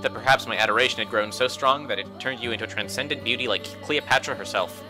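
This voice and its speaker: A man's voice: medium pitch, fast talker, lightly acted, poor audio. A man voicing a young sailor in a visual novel who speaks in an earnest and flowery way. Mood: tender. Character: young sailor man, sweet-talking and gentle. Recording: faint music behind.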